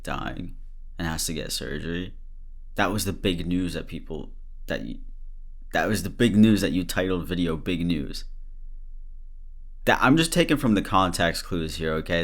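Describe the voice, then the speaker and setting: A man's voice: sits low, fairly bright tone. A man hosting a podcast, reacting candidly to a clip with laughter and blunt swearing. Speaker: podcast host. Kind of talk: casual commentary.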